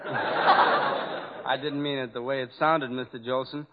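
A sixteen-year-old boy guesting on a radio comedy show, talking in a mock-grown-up, earnest, deadpan way. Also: medium pitch, slow, very noisy. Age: teens. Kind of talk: scripted radio comedy banter. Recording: dull old radio recording with long hall reverb.

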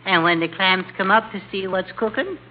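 A man's voice: high voice, narrow, tinny audio, pitched above the performer's own voice, close to an everyday voice. A man doing a sly wisecracking boy dummy. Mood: teasing. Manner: sly, teasing, quick comebacks. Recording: hissy old radio broadcast.

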